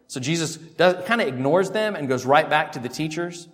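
A man preaching a sermon through a scripture passage in a lively, conversational way, swinging between loud emphasis and quiet asides. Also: fairly high pitch, brisk. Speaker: pastor. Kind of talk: expository sermon. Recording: long hall reverb.

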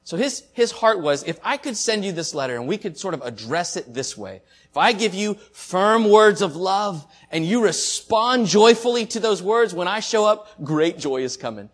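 A man preaching a sermon as pastor, speaking earnestly and from the heart, his voice swelling and falling in loudness. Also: sits high, animated, moderate pace. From Southern United States.

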